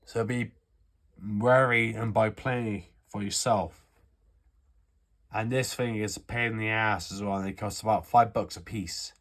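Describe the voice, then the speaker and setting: A man's voice: fairly low pitch, fairly even intonation, a little slow, fairly bright tone. A man from the UK giving a rambling, sweary, offhand how-to walkthrough of a gun repair. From United Kingdom. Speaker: airsoft hobbyist showing a repair. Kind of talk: casual how-to chat.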